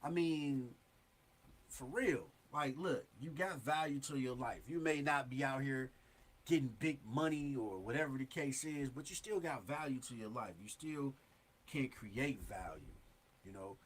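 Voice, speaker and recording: A man's voice: mid-range voice, a little slow. A man hosting a talk show, giving earnest, emphatic advice in casual street talk. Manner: earnest, emphatic street talk with many "you know what I'm saying".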